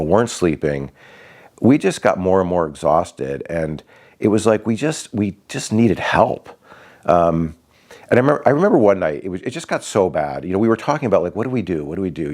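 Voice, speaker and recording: A man casually telling a personal story as a father, halting and restarting often and acting out what others said. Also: low voice, a little mellow. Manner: halting, many restarts and fillers, acts out quoted voices.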